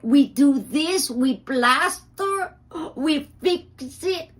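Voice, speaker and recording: A woman mimicking a slow, placating male cop. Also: high-pitched, lively intonation, voice pushed up, heavily acted.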